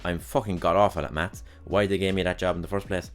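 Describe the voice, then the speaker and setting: Low-voiced young man ranting casually. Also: little pitch movement, quick pace, soft background music. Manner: rambling, sweary storytelling; exasperated ranting about past jobs. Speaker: podcast host. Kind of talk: casual solo monologue.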